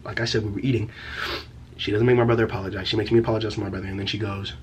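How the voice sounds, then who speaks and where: A man's voice: fairly low pitch, level tone, very fast, a little mellow, slight background noise. A young man telling a story from his teen years in a casual vlog, rambling and profane, packed with slang fillers. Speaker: vlogger.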